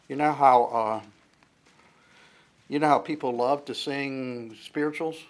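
A man preaching a conversational sermon, joking along the way, with frequent fillers and restarts. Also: mid-range voice.

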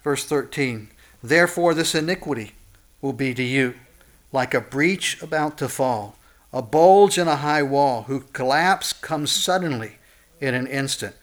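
An expressive pastor, speaking a little slowly, delivers an impassioned sermon with scripture reading. On warnings his voice goes high and loud, and afterward it falls low and soft.

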